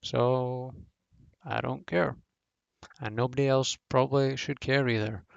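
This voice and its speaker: A man's voice: mid-range voice, fairly even intonation, measured pace, creaky, dry recording, dull audio. A man giving a casual, rambling review of a wrestling show, blunt and swearing freely, with lots of fillers.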